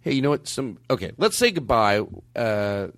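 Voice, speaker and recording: A man's voice: medium pitch, sing-song, normal speed, fairly bright tone, dry recording, studio quality. A man hosting a comedy podcast, bantering playfully and laughing often. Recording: music from a live band. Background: live band playing.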